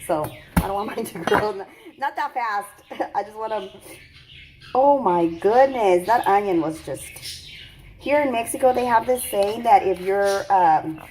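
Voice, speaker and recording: A woman's voice: medium pitch, background noise. A woman chatting her way through a home cooking tutorial in her kitchen, rambling with lots of fillers and self-corrections, teary from cutting onions. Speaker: cooking vlogger.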